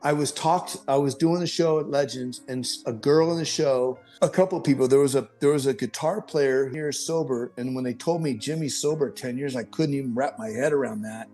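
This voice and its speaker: A middle-aged man, a podcast guest, telling his life story in a rambling, animated way, with frequent restarts and self-corrections. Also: medium pitch, fairly quick, hardly any pauses, soft background music. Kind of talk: personal storytelling.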